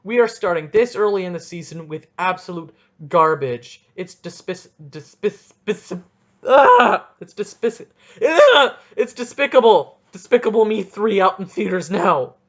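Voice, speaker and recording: A man's voice: high-pitched, normal speed, hardly any pauses. Young guy ranting on his own podcast, goofy tangents, muffled lo-fi mic. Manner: rambling, self-mocking, goofy asides, swings between ranting and muttering. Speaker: podcast host. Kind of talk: solo podcast rant.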